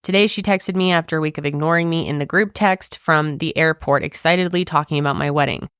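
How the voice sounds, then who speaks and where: A woman co-hosting a podcast, chatting casually and reading a forum post aloud in an animated way. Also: low-pitched, fast talker, smooth, no room sound, studio quality. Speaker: podcast co-host.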